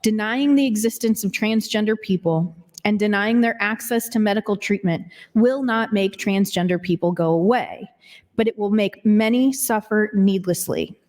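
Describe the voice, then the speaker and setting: A woman senator reads written testimony aloud in a measured, formal voice, at a middle pitch. Her voice carries a long reverb from the legislative chamber. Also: a little mellow. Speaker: state senator. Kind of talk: reading testimony into the record. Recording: hall reverb.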